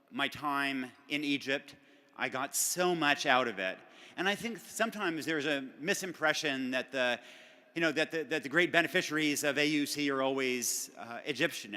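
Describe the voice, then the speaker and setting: A middle-aged man stands at a podium and delivers an acceptance speech. His bright voice carries through a large banquet hall with a long reverb tail. He talks in a relaxed, self-deprecating way, with plenty of fillers and restarts. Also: mid-range voice. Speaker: award recipient giving a speech.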